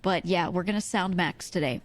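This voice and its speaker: Woman streamer with a scratchy throat. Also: soft background music. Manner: deliberately speaking softer and lower, chatty. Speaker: livestreamer. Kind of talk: casual chat with stream viewers.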